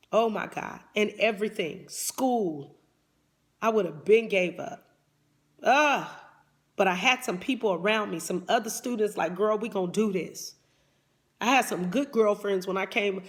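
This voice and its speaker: A woman life coach giving a motivational talk in a fervent preaching cadence, often repeating "come on". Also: medium pitch.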